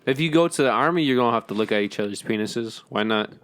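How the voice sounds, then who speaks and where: A man's voice: medium pitch, lively intonation, fast talker, a bit bright, smooth, no echo. A young man co-hosting a podcast, chatting bluntly with jokes and swearing. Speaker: podcast co-host. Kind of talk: casual chat.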